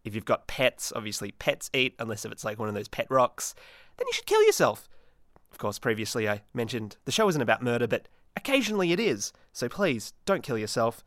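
A man hosts his own solo podcast in a manic, rambling voice that is bright and forceful. He leaps up and down in pitch, trips over his words and drops dark jokes deadpan. The sound is dry and close. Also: brisk, hardly any pauses, no room sound. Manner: manic, self-mocking, many restarts. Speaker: podcast host.

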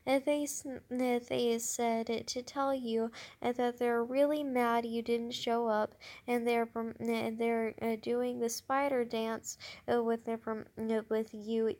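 A woman's voice: on the high side, flat delivery, a little slow, hardly any pauses, darkish tone. A woman reading a children's book aloud, voicing a whiny, tattling little boy. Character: pesky little boy, younger brother.

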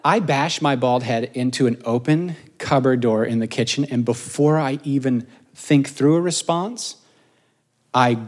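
A man's voice: medium pitch, unhurried. A middle-aged man preaching a casual, joking sermon, telling self-mocking stories to his audience. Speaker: pastor.

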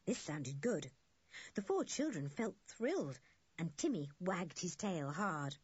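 Breathy woman narrating a children's story. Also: on the low side, big pitch swings, unhurried, darkish tone, no room sound. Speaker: audiobook narrator. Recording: dull, lo-fi dry recording.

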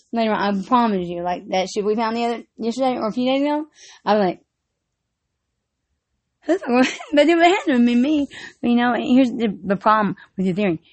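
A woman vlogger telling rambling, casual stories, swearing freely and breaking into frequent giggles. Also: a little high.

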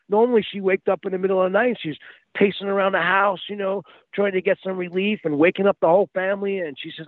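A man calls in as a guest and tells stories in a loose, excited way. His voice sits a little high and he often repeats words. The sound is dry and tinny, as if from a phone line. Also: fast talker, no echo. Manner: animated, repeats words, acts out quotes. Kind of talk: casual storytelling. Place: outdoors by a street. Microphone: phone call.

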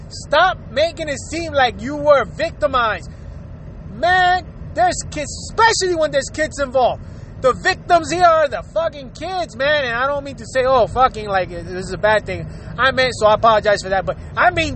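Very high-voiced man ranting bluntly. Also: fairly bright tone, a little hiss or hum. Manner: blunt, profane and preachy, with frequent "all right?" asides. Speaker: vlogger. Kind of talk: ranting advice monologue.

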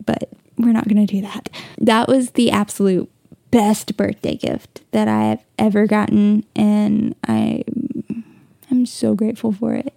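A woman's voice: a little high, creaky, warm tone, no echo, studio quality. A young woman hosting a casual solo podcast from home, gushing and emotional, tearing up at times. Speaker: podcast host. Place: bedroom at home, on the bed.

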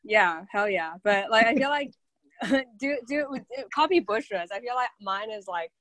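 A woman's voice: mid-range voice, animated, moderate pace, fairly bright tone, no echo. A woman hosting an interview podcast, gushing and enthusiastic, swearing casually as she chats. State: out of breath. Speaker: podcast host.

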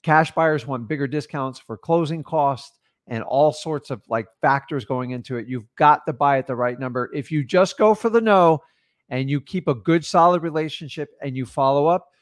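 A man's voice: fairly high pitch, normal speed, dry recording, clean studio sound. A man coaching real estate wholesalers in casual talk, blunt and confident, acting out his seller negotiations.

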